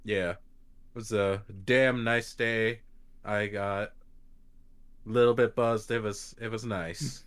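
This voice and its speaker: A man chatting casually on a podcast, telling stories in a relaxed, rambling way with plenty of fillers. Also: on the low side, slow, pauses often, smooth. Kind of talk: casual chat.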